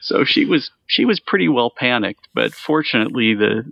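A man co-hosting a casual chat, telling a home repair story with lively, animated delivery. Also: moderate pace, vocal fry, dry recording, dull audio. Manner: animated storyteller, jumps up in pitch acting out his wife.

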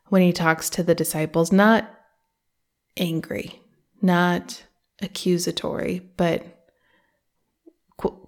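A woman's voice: lowish voice, darkish tone. A woman hosting a faith podcast, speaking earnestly and conversationally and reading quotes from a book aloud. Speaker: podcast host. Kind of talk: reflective faith podcast talk.

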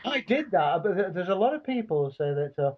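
A man's voice: high voice, sing-song, fairly quick, lo-fi sound. A middle-aged man, co-hosting a podcast and telling stories bluntly with British slang. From England. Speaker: podcast co-host. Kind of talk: casual chat.

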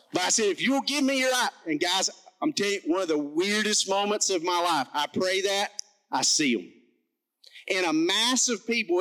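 A man preaching a sermon as pastor, telling a story in an animated, self-mocking way. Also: sits high, low-quality recording.

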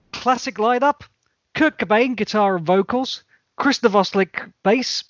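A man with a notably high voice hosts a podcast, talking with keen, jokey enthusiasm and rattling off long lists. The sound is dry and close, a little dull in its top end. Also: a little slow, no echo. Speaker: podcast co-host. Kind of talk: casual chat.

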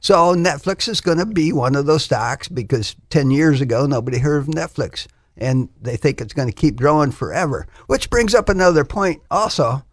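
A man's voice: a little high, lively intonation, normal speed, hardly any pauses, no echo. A man, a financial advisor on a radio show, who explains things plainly, with restarts and frequent chuckles. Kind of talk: casual radio chat.

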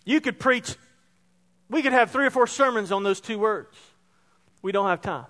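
A man with a strikingly high voice delivers a sermon from the pulpit. He drops to hushed, tender tones and then climbs to ringing emphasis. His words trail off into the long echo of a church hall. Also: moderate pace. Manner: expressive preaching that swings between soft and loud. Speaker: pastor. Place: church sanctuary.

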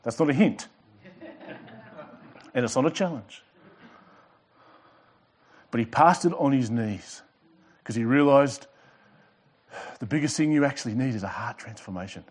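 A man's voice: mid-range voice, animated, a little mellow, husky. A male pastor preaching a sermon with emphatic delivery, repeating and underlining his words. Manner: emphatic preaching with pauses and repetitions.

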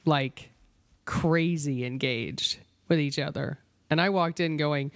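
A woman's voice: deep voice, slow pace, dry recording. Emphatic woman on a dry studio mic. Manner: emphatic, animated storyteller. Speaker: radio show co-host. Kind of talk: casual on-air chat.

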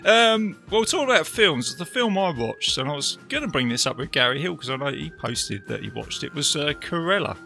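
A man's voice: a little high, sing-song, normal speed, vocal fry, few pauses, pushed and bright, soft background music. An English man hosting a podcast, chatting casually and laughing easily. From England. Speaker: podcast host. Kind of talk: casual chat.

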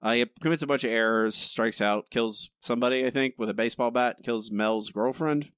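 A man's voice: medium pitch, brisk, a bit bright, clear, resonant tone, no room sound, clean studio sound. A young man co-hosting a podcast, ranting in a casual, exasperated way and repeating his points. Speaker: podcast co-host.

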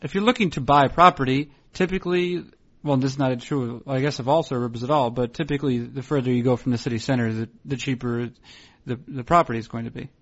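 A young man in casual banter, asking probing questions with halting restarts and laughing asides. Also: medium pitch, fairly even intonation, a bit bright, highs cut off.

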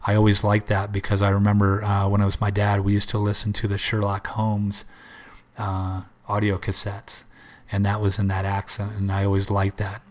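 Low, flat-voiced man hosting a podcast. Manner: earnest, repetitive, with many restarts; religious, speaks of prayer. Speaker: podcast host. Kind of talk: solo motivational podcast talk.

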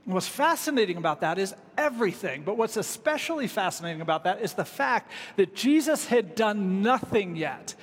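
High-voiced pastor preaching in a reverberant hall. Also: male voice, a little fast, few pauses. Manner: conversational, relaxed preaching with casual asides. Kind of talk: sermon. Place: church sanctuary.

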